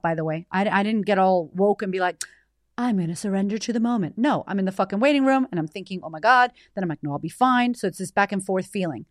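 A woman in her thirties hosting a podcast, telling a personal story in a blunt, animated way with frequent swearing. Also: mid-range voice, no room sound, clean studio sound. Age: 30s. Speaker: podcast host. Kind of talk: candid personal storytelling monologue.

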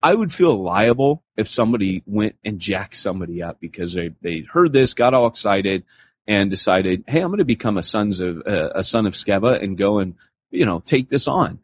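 A man co-hosting a podcast, telling stories in a casual, animated way and slipping into voices for the people he quotes. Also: fairly low pitch, moderate pace, breathy edge. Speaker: podcast co-host. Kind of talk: casual storytelling conversation. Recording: dull lo-fi podcast audio.

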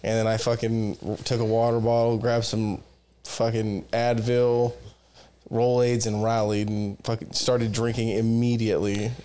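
A man's voice: fairly low pitch, little pitch movement, unhurried, dark tone, clean tone. A young man co-hosting a podcast, telling a story in casual chat with lots of swearing. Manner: profane, rambling storytelling. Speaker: podcast co-host.

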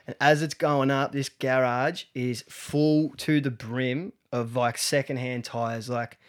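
A man's voice: medium pitch, steady tone, takes it slowly. A young Australian man telling a rambling story on a podcast, swearing freely and laughing along. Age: young adult. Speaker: podcast co-host. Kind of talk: casual storytelling chat.

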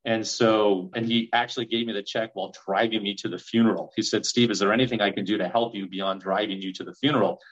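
Male guest in his 40s, low-pitched, animated storyteller, muffled lo-fi recording. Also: fast talker, few pauses. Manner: animated storyteller acting out quoted dialogue. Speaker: real estate investor guest. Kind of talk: storytelling in a podcast interview.

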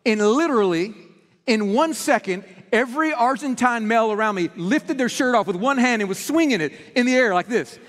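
Preacher, high voice, lively storyteller who repeats words, church hall echo. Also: male voice, a little fast. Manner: animated storytelling, restarts words. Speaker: pastor. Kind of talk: sermon.

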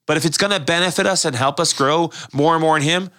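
A pastor talks through his beliefs in an earnest, explanatory way, often doubling back on words mid-sentence. His voice is bright and forceful. The sound is close and dry, with no room around it. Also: a little high, dry recording. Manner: earnest, explanatory, quickly repeats words and restarts phrases. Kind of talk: casual church discussion.

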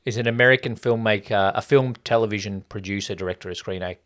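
A man's voice: on the low side, fast talker, fairly bright tone. Chatty man picking apart a film. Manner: mimics lines with exaggerated emphasis. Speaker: podcast co-host. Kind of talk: casual movie review chat.

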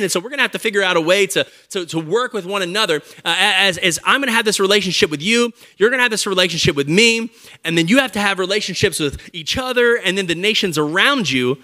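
A casual, reasoning God figure, spoken by a man preacher laying out the terms of a relationship. He is firm yet patient, with a high, bright voice. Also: expressive, quick pace, full character voice.

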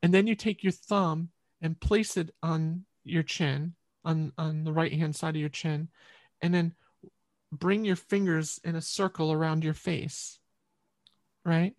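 A middle-aged woman, a podcast guest, telling a personal story in an earnest, halting way with many restarts. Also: deep voice, fairly even intonation, a little mellow, no room sound.

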